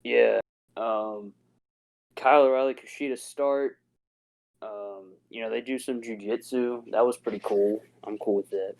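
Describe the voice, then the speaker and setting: A man's voice: medium pitch, fairly even intonation, unhurried, vocal fry, a little mellow, low-quality recording. A man on a podcast in casual chat, giving a rambling play-by-play recap. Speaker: podcast co-host.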